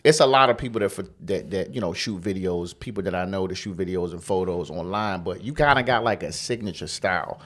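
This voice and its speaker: A man's voice: low voice, fairly quick, few pauses, fairly bright tone. A man hosting a casual podcast interview, talking in a slangy, laid-back way and often tossing in "you know what I'm saying.". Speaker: podcast host.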